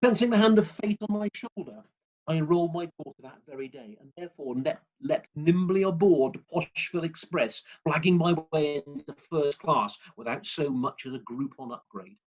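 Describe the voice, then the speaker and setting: Husky man giving a dry comic speech. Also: fairly high pitch, moderate pace. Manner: dry, wry deadpan delivery. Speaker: club speaker. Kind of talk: humorous prepared speech. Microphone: video call. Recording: lo-fi video call audio.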